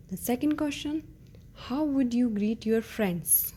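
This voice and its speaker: A woman teaching a beginner language lesson at a very slow, careful pace. Her voice is mellow and warm, sitting a little high. She is patient and repeats each word, checking in often. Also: expressive, a little hiss or hum. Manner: patient, repeats words and asks "okay?". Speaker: French teacher.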